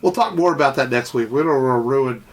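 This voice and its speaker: A man talking casually as a podcast co-host, his voice slightly nasal from a cold. He rambles with lots of fillers and the odd swear word, in a middling pitch. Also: quick pace. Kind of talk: casual chat.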